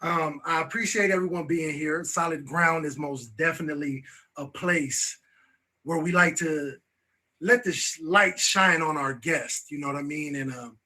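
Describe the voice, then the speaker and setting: Male talk host, bright and husky, slightly high voice, easygoing filler-heavy delivery. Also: moderate pace. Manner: loose, repeats "you know what I'm saying". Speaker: show host. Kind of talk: casual talk-show hosting.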